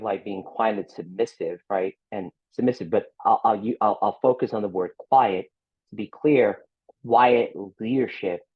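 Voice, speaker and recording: An outgoing man speaking as a podcast guest and executive recruiter, talking in an animated, emphatic way. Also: on the low side, breathy edge, lo-fi sound. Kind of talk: casual interview talk.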